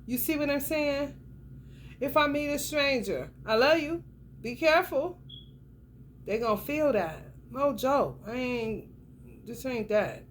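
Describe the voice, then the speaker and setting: Speaking slowly in a high, expressive voice, this woman delivers a casual tarot reading directly to the viewer. She's blunt, swears freely, and leans hard on emphasis. A faint hiss or hum runs underneath.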